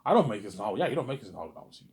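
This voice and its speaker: A man rambling in a casual monologue, animated and repetitive, arguing with an imagined listener. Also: on the low side, rapid-fire. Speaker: vlogger.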